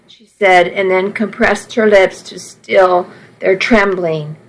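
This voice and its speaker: Female audiobook narrator, unhurried first-person storytelling, measured delivery. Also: mid-range voice, steady tone, poor audio.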